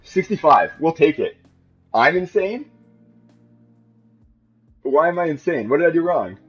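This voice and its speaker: A man giving chatty, excitable live commentary on his own game stream. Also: on the high side, measured pace. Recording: muffled mic with faint music.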